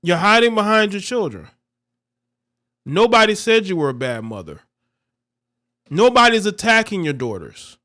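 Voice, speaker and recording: Male stream commentator, high bright tone, blunt and repetitive. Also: sing-song, moderate pace, long pauses. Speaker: livestream commentator. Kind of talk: reaction commentary.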